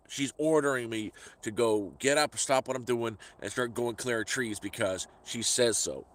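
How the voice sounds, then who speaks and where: Speaking at normal speed with few pauses, a middle-aged vlogger with a medium-pitched, fairly bright voice rants his way through a story. He sounds exasperated and keeps repeating words while talking into a handheld phone, and the audio is dry.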